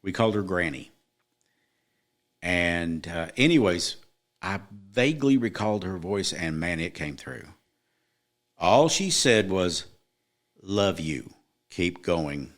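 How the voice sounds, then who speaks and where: A man's voice: sits low, animated, takes it slowly, pauses often. A middle-aged man, a podcast guest, earnestly telling a personal story in casual chat, with emphatic moments.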